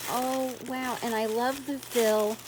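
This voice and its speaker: A woman's voice: a little high, fairly even intonation, slow, background noise. A woman vlogging as she unboxes a craft swap, gushing with effusive exclamations in casual chat.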